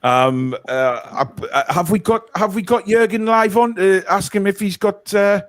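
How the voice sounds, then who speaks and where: Guy hosting a live stream, chatty, reads comments, kinda high voice. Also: unhurried, no echo, studio quality. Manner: chatty, reads viewer comments, many fillers. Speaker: host. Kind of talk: casual live-stream chat.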